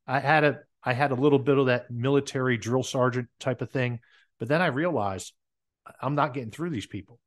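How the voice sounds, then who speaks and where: A man from New Jersey with a New Jersey accent, a business owner telling lively stories as a podcast guest. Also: mid-range voice, fairly quick. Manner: lively anecdotal storyteller. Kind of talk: casual interview storytelling.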